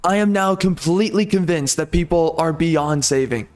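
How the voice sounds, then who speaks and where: A man's voice: on the high side, normal speed, a little mellow. A man giving casual gameplay commentary as a video creator, ranting in frustration with frequent mild cursing.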